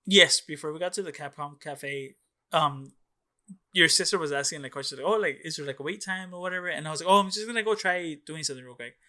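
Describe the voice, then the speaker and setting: A young podcast co-host tells a rambling, profane story in a loose, casual chat, peppering it with "like" and "dude." His bright, forceful voice sits a little higher than most men's, and he talks fast.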